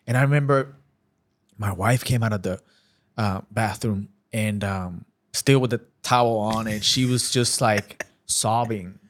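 A man with a lowish voice gives a heartfelt testimony on a podcast. He speaks earnestly but haltingly, restarting his sentences many times.

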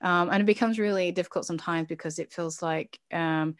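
A woman's voice: lowish voice, fairly even intonation, fairly quick, no room sound, studio quality. A woman interview guest, a business founder, telling personal experiences in a candid, reflective way with many fillers and restarts. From Chinese heritage.

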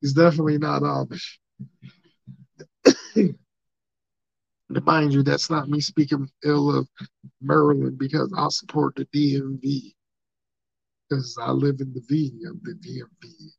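A man hosting a podcast, joking and rambling loudly in slangy, casual banter with his co-hosts. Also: medium pitch, little pitch movement, a little slow, gravelly, pauses often, breathy edge, no echo. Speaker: podcast host. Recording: dull lo-fi podcast audio.

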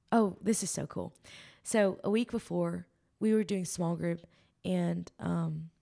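A woman with a fairly low voice and a gravelly, creaky edge shares a personal faith testimony as a podcast guest. She talks in an earnest, emotional way, rambling through ums and likes as she goes. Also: dark tone.

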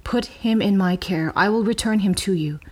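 A woman's voice: mid-range voice, normal speed, a little mellow, natural voice. A woman reading as a reproachful eldest brother. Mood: earnest.

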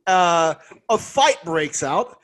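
A man co-hosting a podcast, recapping a horror film in casual chat, animated and sarcastic, laughing as he talks. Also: a little high, slow pace. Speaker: podcast co-host.

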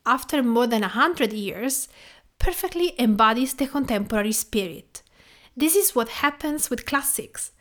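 Italian-accented female podcast host, slightly high voice, calm scripted delivery. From Tuscany, Italy.

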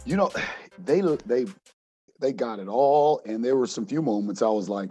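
A man who coaches, telling a story in an interview with animated acted-out quotes and frequent restarts. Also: medium pitch, brisk, husky, dry recording, muffled recording, faint music behind.

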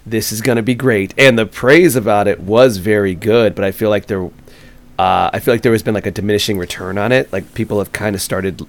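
Low-voiced guy on a gaming podcast, rambly, lots of uh and like. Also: no room sound. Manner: rambling, filler-heavy. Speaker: podcast co-host. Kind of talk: casual gaming chat.

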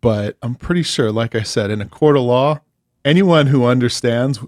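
Male podcast co-host, exasperated storyteller, profane, mid-pitched, dry studio sound. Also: moderate pace, no echo. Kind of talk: casual chat.

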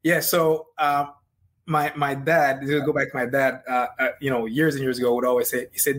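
A man's voice: mid-range voice, flat delivery, normal speed, a bit bright. A man who works as a life and business coach, a guest on an interview podcast, speaking in an earnest, emphatic, motivational way. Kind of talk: interview conversation.

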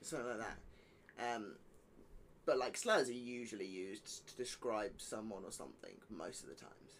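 A young man co-hosting a podcast in casual chat, eager and quick to banter. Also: lowish voice, expressive, a bit bright, slight background noise. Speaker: podcast co-host.

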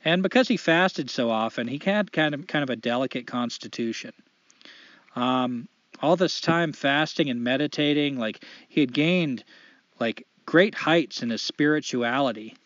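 A man's voice: mid-range voice, normal speed, dry recording, highs cut off. A man hosting a casual podcast chat, telling stories and jokes with lots of laughter. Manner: animated storyteller, joking and laughing. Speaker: podcast host.

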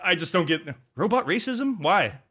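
A man's voice: high-pitched, expressive, normal speed, fairly bright tone, slightly rough. A man ranting in a casual chat about a video game, rambling, swearing and laughing often.

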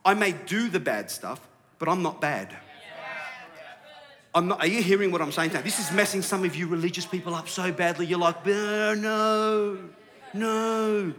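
Male pastor, fiery sermon delivery, bright and forceful. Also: high voice, fairly quick, long reverb tail. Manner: animated, rising to shouts.

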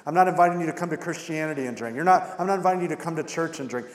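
A man preaching in a church sanctuary, his fairly high voice carrying into a long, ringing reverb. He builds with rising emphasis and fires direct questions at the congregation. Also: lively intonation, racing, few pauses. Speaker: pastor. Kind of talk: sermon. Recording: echoey hall with long reverb.

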